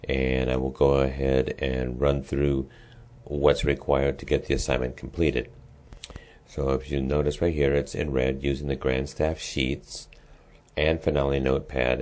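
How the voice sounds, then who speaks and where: A man with an extremely deep, low voice walks students through a class assignment. He talks casually and explains each step, pausing on ums and restarting his sentences. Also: flat delivery, darkish tone. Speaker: music teacher. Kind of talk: screen-recorded lesson walkthrough.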